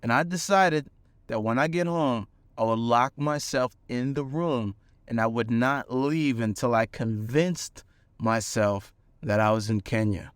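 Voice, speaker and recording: Young guy telling a story all earnest, smooth clear voice, dry close sound. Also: mid-range voice, measured pace, dry recording. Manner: earnest, animated storytelling with fillers. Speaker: manifestation coach. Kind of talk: personal story to camera.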